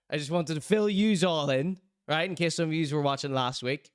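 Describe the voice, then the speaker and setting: A man's voice: on the high side, fairly quick, few pauses, clean tone, no echo, studio quality. A man with a Northern Irish accent hosting a show in casual chat, telling stories animatedly and slipping into other people's voices. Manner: animated storytelling with put-on voices. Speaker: show host.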